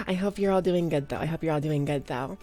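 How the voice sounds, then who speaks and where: A young woman with a slight Valley Girl lilt chats with her live viewers in a bubbly, giggly way, greeting each of them by name. She speaks into a desk microphone. Soft music plays faintly in the background. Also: low voice. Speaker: streamer. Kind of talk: casual chat with live viewers.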